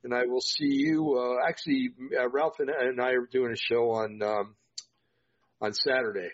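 A man's voice: medium pitch, fairly even intonation, moderate pace. A tired man hosting a podcast, affirming his co-host and signing off with lots of fillers. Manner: affirming, loose and filler-heavy. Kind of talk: casual podcast sign-off. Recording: dull lo-fi podcast audio.

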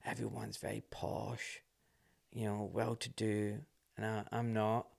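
A man, a surgeon guest telling a story in casual talk, animated and quick to laugh. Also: on the low side, gravelly.

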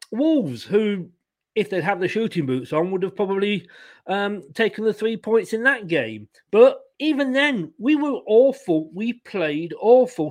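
High-voiced exasperated man ranting. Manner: exasperated, sarcastic, reads out viewer comments. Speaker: host of a football fan live stream. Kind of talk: ranting live-stream chat.

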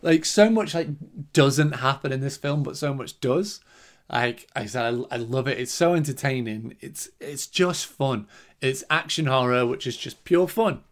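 Young male podcast host, mid-pitch, loose and rambling, sweary, laughs a lot, casual film chat. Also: unhurried. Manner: chatty and rambling, laughing often, swears freely, many fillers. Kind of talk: casual spoken film review.

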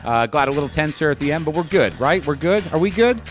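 A man's voice: a little high, animated, fast talker, faint music behind. A man, a podcast host, signing off from a hotel room with chatty, rambling plugs and a self-deprecating tone. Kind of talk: show outro.

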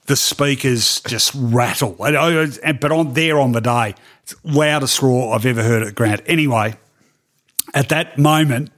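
Australian man telling lively sports stories. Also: medium pitch, normal speed. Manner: lively anecdotal, with frequent ums and laughs. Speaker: sports journalist guest. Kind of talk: animated storytelling in a podcast interview.

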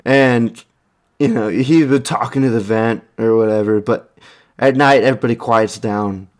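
A man's voice: medium pitch, normal speed. Profane, rambling young man telling stories. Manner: profane, rambling, frequent restarts and chuckles. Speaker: storyteller. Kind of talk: casual anecdote monologue.

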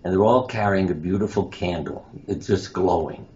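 In a dull, lo-fi recording with a trace of noise, a man who works as a surgeon and writes books shares stories during an interview. He performs the quoted lines in a low-pitched, dark-toned voice at a moderate pace.

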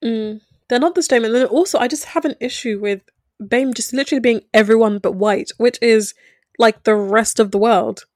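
A woman in casual discussion who talks in a measured, reflective way. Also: on the high side, a little mellow, no echo, studio quality.

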